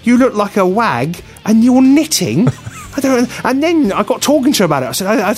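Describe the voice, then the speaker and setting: Chatty, animated radio host. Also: male voice, extremely high pitch, moderate pace, faint music behind. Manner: chatty, laughs often, lively storyteller. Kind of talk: casual banter.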